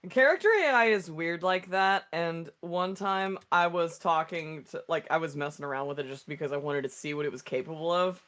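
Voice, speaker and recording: A woman's voice: deep voice, a little fast, hardly any pauses, fairly bright tone. A woman co-host in casual chat, making wry, joking asides.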